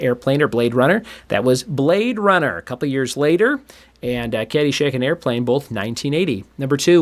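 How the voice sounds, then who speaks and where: A man hosting a solo trivia podcast, reading out questions and answers in a chatty way and laughing at his own jokes. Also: mid-range voice.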